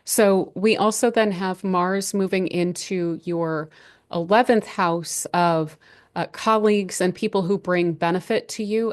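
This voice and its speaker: A woman hosting a horoscope channel, talking through the month's signs in a casual, rambling way with many restarts and gentle advice. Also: on the low side. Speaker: astrology channel host.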